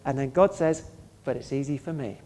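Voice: mid-range voice, fairly quick, warm tone. A pastor preaching a sermon in an earnest, conversational way, often asking the listeners questions.

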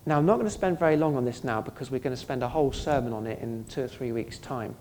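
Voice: mid-range voice, fast, hardly any pauses, darkish tone, a little hiss or hum. A pastor preaching a sermon in an earnest, conversational way, often asking the listeners questions.

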